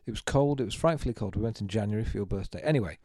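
A man's voice: on the low side, racing, darkish tone, slight background noise. A man co-hosting a podcast, chatting in a rambling, self-mocking, jokey way. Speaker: podcast co-host. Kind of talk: casual chat.

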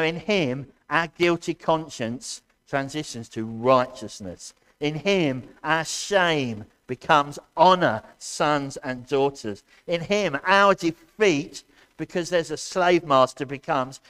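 A man preaching a sermon as pastor to his church, loud and impassioned, asking his congregation questions as he goes. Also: fairly high pitch. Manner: addresses congregation directly, asks questions.

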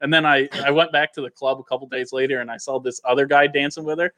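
A man's voice: mid-range voice, steady tone, quick pace, bright, forceful tone, dry recording. A young man telling a story in a casual chat, acting out the quotes and laughing often. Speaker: storyteller guest.

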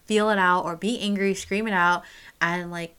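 A woman's voice: lowish voice, fairly even intonation, moderate pace, pushed and bright, clean tone. A young woman telling a personal story straight to camera, candid and casual, swearing freely and full of fillers. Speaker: vlogger.

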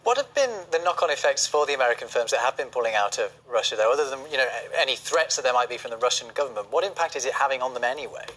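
A man anchoring a news programme, reading scripted business news in a measured, formal way. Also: medium pitch, animated, sharp tone, poor audio.

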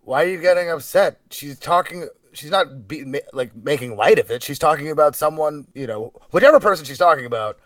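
A man's voice: fairly high pitch, animated, brisk, hardly any pauses, a bit bright, dry recording. A man co-hosting a podcast, chatting casually with rambling, hesitant asides. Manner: rambling, hesitant, many fillers. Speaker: podcast co-host. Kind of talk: casual chat.

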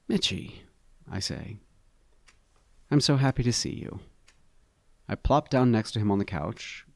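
A man reading a first-person story aloud with a wry, expressive delivery. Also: low voice, vocal fry, no echo. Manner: expressive, wry, animated inflections. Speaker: narrator.

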